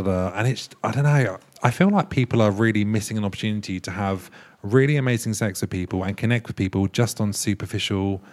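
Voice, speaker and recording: A man's voice: lowish voice, a little mellow. A man hosting a live podcast panel, affirming his guests and prompting them with questions. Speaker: podcast host and panel moderator.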